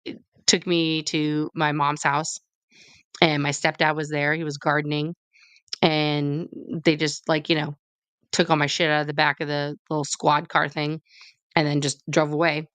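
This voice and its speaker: A woman in her forties telling a personal story in casual chat, candid and profane, with animated delivery. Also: sits low, moderate pace, clean tone, no room sound.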